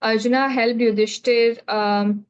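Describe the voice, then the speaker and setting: Woman, student, hesitant, fillers, clear higher voice, muffled dry sound. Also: fairly even intonation, a little slow, dry recording.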